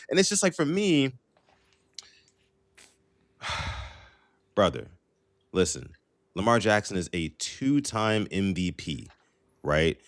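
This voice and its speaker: Low-voiced podcast host leading the talk. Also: male voice, very animated, slow, long pauses, no echo. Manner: conversational, leading the discussion. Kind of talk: sports podcast hosting.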